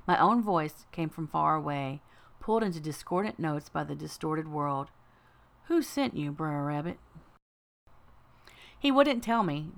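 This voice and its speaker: A woman's voice: on the low side, vocal fry. A woman reading a first-person fantasy audiobook with a dry, wry delivery. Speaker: audiobook narrator.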